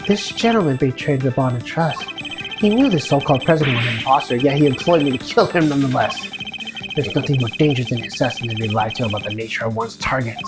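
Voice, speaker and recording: A woman voicing a calm, courteous male assassin in a game voice-over, speaking low and quiet with menace. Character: cool, polite male assassin, soft-spoken and menacing. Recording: game music behind voice.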